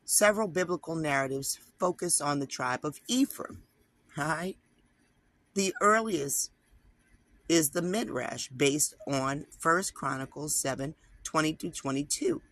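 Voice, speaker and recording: A man's voice: on the high side, unhurried, a bit bright, no echo. A man teaching online, reading an article aloud and breaking off into casual, emphatic commentary aimed straight at his viewers. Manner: conversational, talks to viewers directly, emphatic asides.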